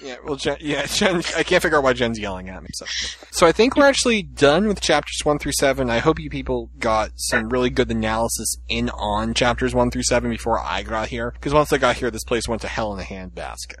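A man's voice: medium pitch, lively intonation, brisk, fairly bright tone, a little hiss or hum. Rambling jokey male podcast host. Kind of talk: casual group chat.

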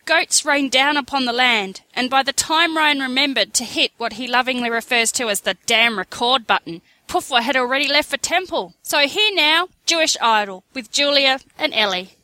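A man's voice: extremely high pitch, moderate pace, sharp tone, no echo, voice pushed up, exaggerated voice. A man putting on a chirpy, sped-up narrator voice for a mock-epic podcast insert.

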